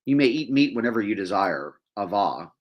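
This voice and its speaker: Low-voiced man with wry asides. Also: big pitch swings, fairly quick, highs cut off. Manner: reads verses aloud, adds wry asides and laughs. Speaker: podcast host. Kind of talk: casual scripture teaching.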